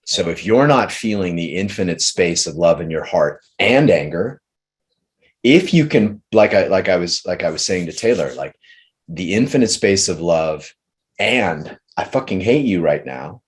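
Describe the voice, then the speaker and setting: A man leading a group session on relationships, talking earnestly and slowly, often restarting his sentences. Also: low-pitched, lively intonation, husky. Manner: earnest, slow and searching, many restarts. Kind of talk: coaching talk with a participant.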